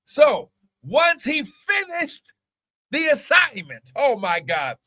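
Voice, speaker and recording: A man preaching a fiery sermon to an online audience, swinging between shouted exclamations and hushed, intense stretches, often breaking in with "oh my God" and "come on now". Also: extremely high pitch, huge pitch swings, takes it slowly.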